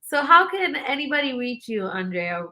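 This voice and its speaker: A woman's voice: high-pitched, sing-song, normal speed, a crowd in the background. A woman hosting a podcast, chatting in an encouraging way and laughing often. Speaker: podcast host. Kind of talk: casual podcast interview.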